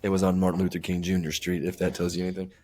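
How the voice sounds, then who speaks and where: A man's voice: deep voice, flat delivery, rapid-fire, a little mellow, a little hiss or hum. A man co-hosting a podcast, telling rambling anecdotes with lots of fillers. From Las Vegas. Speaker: podcast co-host. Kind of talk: casual podcast banter.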